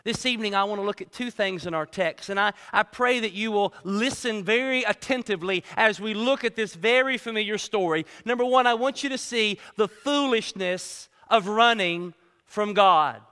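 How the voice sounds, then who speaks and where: A man's voice: sits high, normal speed, hardly any pauses, pushed and bright, clean tone. A man delivering a sermon in a church, reading scripture and then preaching earnestly with emphatic repetitions. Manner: earnest preaching with rising emphasis and repeated words. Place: church sanctuary. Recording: reverberant hall.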